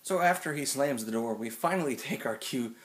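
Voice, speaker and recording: A man's voice: medium pitch, expressive, a little fast. A young man in his late teens telling a funny story to camera, rambling and full of "like" and restarts. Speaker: vlogger.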